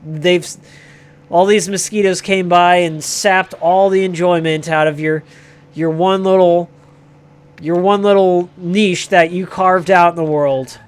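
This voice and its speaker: A man's voice: sits high, clean tone. A man hosting a livestream who rambles through a sardonic, profane comic rant. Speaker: livestream host.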